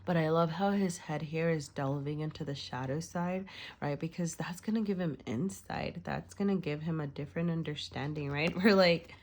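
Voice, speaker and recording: A woman's voice: low voice, normal speed. A woman giving a casual tarot reading. She rambles and hesitates, fills her talk with fillers and rhetorical "right?", and often corrects herself and apologizes. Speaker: tarot reader.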